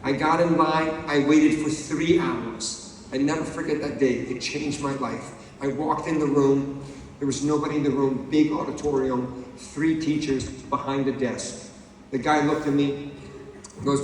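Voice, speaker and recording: A man from Iran doing live stand-up comedy on a theatre stage with a handheld mic, telling stories with animated bursts. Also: medium pitch, a little slow, slight background noise. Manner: animated storytelling, bursts of sung and shouted bits. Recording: echoey hall from far off.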